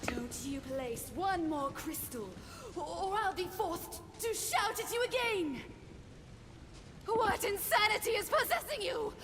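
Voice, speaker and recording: Desperate librarian in a video game, very high shrill voice, pleading, slow delivery. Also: female voice, expressive, over music, heavily acted. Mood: frantic pleading. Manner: pleading, panicked. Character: frantic young woman librarian, possessed. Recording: game audio with long reverb and noise.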